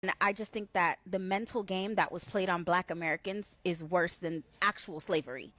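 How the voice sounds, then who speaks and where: A woman's voice: fairly low pitch, fairly even intonation, moderate pace, pushed and bright, no room sound. A woman earnestly explaining her view in a discussion. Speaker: interviewee in a reacted clip. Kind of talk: casual discussion.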